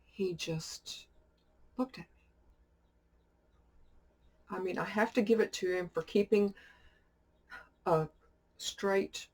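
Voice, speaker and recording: A woman's voice: mid-range voice, slow, long pauses, a little mellow, slightly rough. A woman chatting casually as she shows off a shopping haul and tells a rambling story, laughing often. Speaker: witchcraft YouTuber showing a shopping haul. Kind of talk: casual chat.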